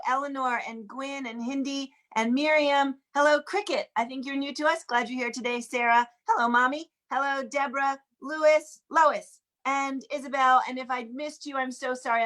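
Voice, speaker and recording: A woman with a notably high voice hosts a live sing-along over a video call. She chats warmly and casually, greeting one viewer after another by name. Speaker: host of an online sing-along. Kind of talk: casual welcoming chat. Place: home, in Washington DC.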